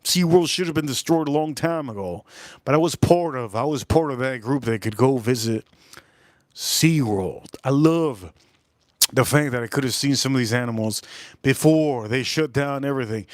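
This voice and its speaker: A young man hosting a livestream, chatting casually and rambling excitedly from one topic to the next. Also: medium pitch, moderate pace, no echo, clean studio sound. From South Florida. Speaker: livestream host.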